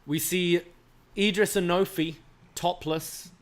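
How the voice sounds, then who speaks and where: A man's voice: fairly even intonation, slow. Casual man recapping wrestling. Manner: swears casually, acts out wrestlers' lines in a loud high voice. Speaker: podcast co-host.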